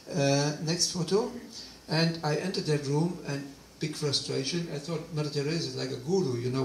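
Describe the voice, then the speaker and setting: Animated male speaker telling his testimony; gravelly voice, recorded from afar in a roomy hall with faint ambience. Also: fairly high pitch, recorded from a distance, slight background noise. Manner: animated storytelling with quoted dialogue. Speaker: guest speaker. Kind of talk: personal testimony talk.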